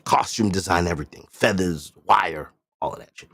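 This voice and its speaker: A man's voice: sits low, normal speed, fairly bright tone, no echo, studio quality. A man hosting a livestream, talking casually and bluntly with profanity and emphatic repetition. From Boston area. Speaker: livestream host.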